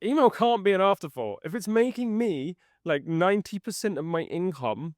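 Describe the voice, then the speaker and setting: A man's voice: high voice, lively intonation, normal speed, no echo. Chatty man with a dry close sound. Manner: chatty, laughs at himself. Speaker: YouTube business coach. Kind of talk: casual spoken email recording.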